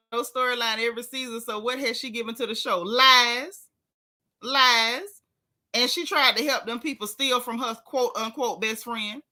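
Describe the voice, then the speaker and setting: Hosting a casual gossip vlog, a woman speaks directly to her viewers in a bright, forceful voice pitched a little high. She teases them with sassy bluntness and reads their comments aloud to respond, her tone chatty and unfiltered.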